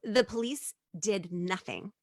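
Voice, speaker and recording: A middle-aged woman, an immigrant living in Japan, telling a personal story in a stand-up set, animated and jumping in pitch when she acts out what others said. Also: takes it slowly, dry recording, clean studio sound. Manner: animated, acts out quotes with big pitch jumps.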